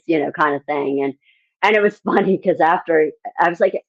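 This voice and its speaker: A middle-aged woman, a country singer-songwriter, chatting as an interview guest and telling lively stories. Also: low-pitched, fairly quick, lo-fi sound. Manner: animated storytelling, acts out others' voices. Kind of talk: casual interview chat.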